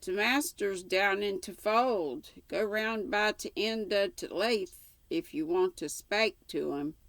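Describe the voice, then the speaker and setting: A woman voicing a sour-faced, grumpy old male farm servant, stumbling through his rough dialect. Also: medium pitch, slow, a bit bright, no echo, pitched above the performer's own voice. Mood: gruff.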